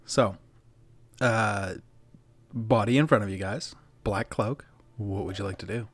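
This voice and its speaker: A man's voice: fairly low pitch, measured pace, no room sound. Laid-back man running a tabletop game. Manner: relaxed, filler-heavy narration. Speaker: game master.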